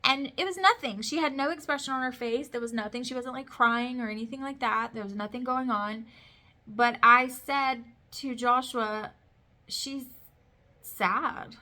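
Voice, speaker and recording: A woman's voice: a little high, moderate pace, sharp tone. A woman in her thirties chatting casually to camera about her life, emphatic and storytelling, with lots of "like". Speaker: vlogger, mother of boys. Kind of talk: casual talking-to-camera chat.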